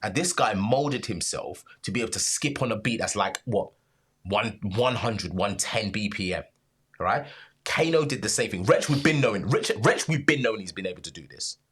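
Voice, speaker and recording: A young man, reacting casually to a rap track as co-host, excitable and swearing, repeating himself for emphasis. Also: fairly low pitch, normal speed, husky.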